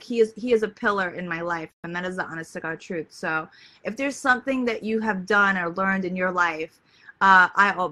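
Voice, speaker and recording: A woman in her thirties chatting casually on a live video, hoarse and losing her voice, full of likes and ums. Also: medium pitch, sharp tone. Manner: chatty, peppered with "like" and "um". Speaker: lifestyle vlogger. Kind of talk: casual Facebook Live chat.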